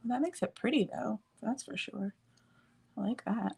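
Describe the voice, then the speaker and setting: A woman's voice: a little high, moderate pace, creaky, a little mellow, breathy edge. A woman chatting casually and rambling as she does her makeup, swearing now and then. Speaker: streamer doing makeup on a group call. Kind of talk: casual chat.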